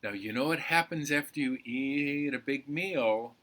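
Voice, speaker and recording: A man telling a folktale to children at a library storytime in a playful, expressive way. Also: mid-range voice, measured pace.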